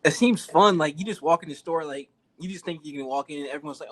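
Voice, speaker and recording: A man's voice: fairly high pitch, fast talker, a bit bright. Teenage boy hosting a podcast, easygoing. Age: teens. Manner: easygoing questions with small restarts. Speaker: podcast host. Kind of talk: casual podcast interview.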